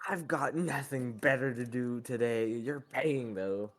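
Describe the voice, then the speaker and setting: A young man playing a game with a friend, teasing him, laughing and pondering out loud. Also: mid-range voice, measured pace, soft background music. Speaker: gamer's friend making choices. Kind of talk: casual let's-play chat.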